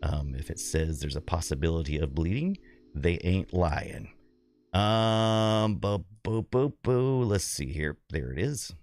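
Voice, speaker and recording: A man's voice: sits low, measured pace, darkish tone, no room sound, faint music behind. A middle-aged man streaming a retro game, chatting casually, rambling and laughing while reading his chat.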